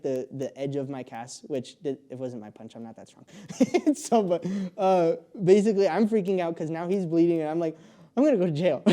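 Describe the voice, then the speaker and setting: A fairly high-pitched, warm male voice belongs to a young podcast guest. He rambles through a long, casual story, leaning on fillers and laughing frequently.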